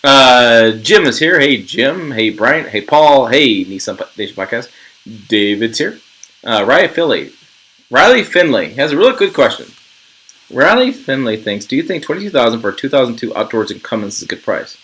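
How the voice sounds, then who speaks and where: A man's voice: medium pitch, very animated, normal speed, sharp tone, poor audio. Chatty middle-aged man hosting a livestream. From Western Nebraska. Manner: chatty, rambling, jokey asides. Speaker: channel host. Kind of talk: casual livestream chat.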